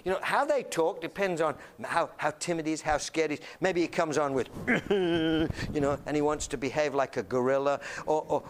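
Guy giving a chatty lecture, high voice, bouncy pitch, keeps repeating himself. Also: slight background noise. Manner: animated, acts out little dialogues, repeats words. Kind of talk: anecdotal classroom lecture. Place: lecture room filmed on camera.

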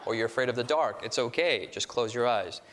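A man's voice: mid-range voice, a little fast, a bit bright. A man preaching as a pastor, leading the congregation in call-and-response with self-deprecating humor. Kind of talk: sermon. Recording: reverberant hall.

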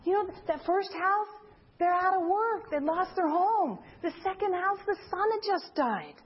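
A woman with an extremely high voice speaks a little slowly, and the audio is dull. A church member giving a testimony, she tells an audience a personal story in an animated way, acting out the voices of those involved.

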